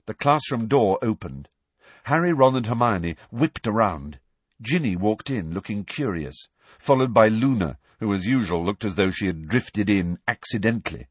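Husky male audiobook narrator. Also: lowish voice, animated, moderate pace, no room sound. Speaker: reader.

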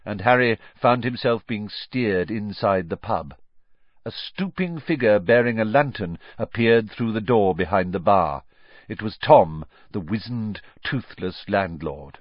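A man narrating a story aloud in an expressive storytelling manner. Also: fairly low pitch, measured pace, no room sound. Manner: expressive storytelling with lively rises and falls. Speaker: audiobook narrator. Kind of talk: scripted narration. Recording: dull, dry studio recording.

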